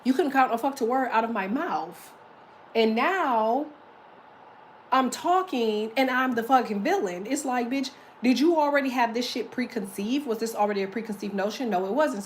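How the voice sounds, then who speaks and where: A woman giving a casual tarot reading, blunt and profane, talking in emphatic, lively rants. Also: fairly high pitch, moderate pace, a little hiss or hum, poor audio. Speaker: tarot reader.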